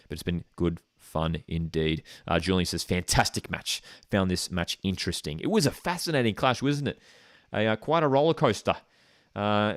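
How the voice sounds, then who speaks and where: Low-voiced man calling football. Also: no echo, studio quality. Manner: chatty, excitable, jumps up in pitch at key moments. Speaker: streamer hosting a live watchalong. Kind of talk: live football commentary and chat.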